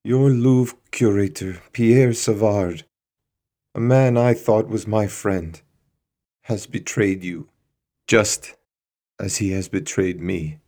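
A man voicing a desperate aging art restorer who speaks slowly and theatrically. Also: fairly low pitch, mellow, pitched above the performer's own voice. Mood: bitter. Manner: theatrical, slow and declaiming.

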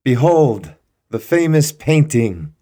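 A man voicing a desperate aging art restorer who speaks slowly and theatrically. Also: lowish voice, mellow, pitched above the performer's own voice. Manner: theatrical, slow and declaiming.

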